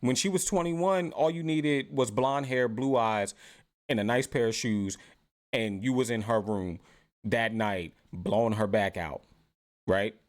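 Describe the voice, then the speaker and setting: A man's voice: mid-range voice, measured pace. A man hosting reaction commentary, rambling and tagging his points with "right?". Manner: rambling, repeats "right?" often. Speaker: commentary host.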